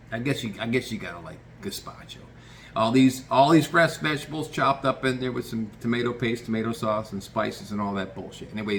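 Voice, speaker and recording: A man's voice: mid-range voice, creaky, a bit bright, a little hiss or hum. A man telling a true story in a loose, rambling way, swearing casually and restarting his sentences.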